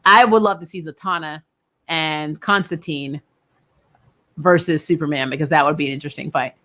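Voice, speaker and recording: A woman's voice: sits low, moderate pace, a bit bright. A young adult woman hosting a casual live-stream chat about TV shows, talking loosely, laughing often and trailing off mid-sentence. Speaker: host of a TV review channel.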